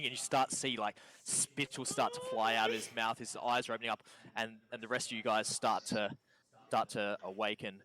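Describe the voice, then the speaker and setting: A man's voice: fairly low pitch, sing-song, fairly quick, few pauses, sharp tone. A man with an Australian accent narrating a tabletop game as game master, repeating words as he goes.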